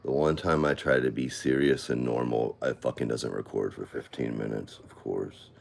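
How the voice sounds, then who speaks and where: A man's voice: rumbling low, fairly even intonation, moderate pace, creaky. A man livestreaming an emotional apology from his phone at home, frustrated and swearing, muttering to himself.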